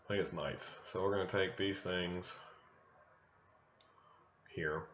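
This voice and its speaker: A man's voice: low-pitched, steady tone, takes it slowly, a bit bright, slight background noise. A man casually commentating his own card game, thinking aloud to himself. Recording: roomy, dull lo-fi mic.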